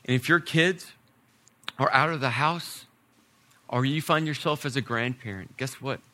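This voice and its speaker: A middle-aged man delivers a sermon with a bright, forceful tone. His pitch sits in an ordinary middle range, and he climbs to emphatic peaks before falling back to a quiet, soft close. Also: measured pace. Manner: storytelling preacher, rising to emphasis then dropping soft. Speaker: pastor.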